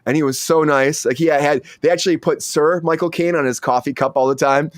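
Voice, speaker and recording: A man hosting a casual entertainment news chat, excitable and rambling with frequent restarts. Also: fairly high pitch, a little fast, no room sound, studio quality. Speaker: host.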